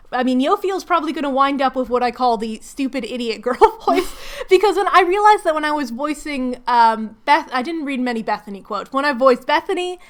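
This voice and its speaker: Chatty high-voiced woman vlogger. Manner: chatty, rambling, laughs often. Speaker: craft vlogger hosting a hangout. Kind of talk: casual chat while crafting. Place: home.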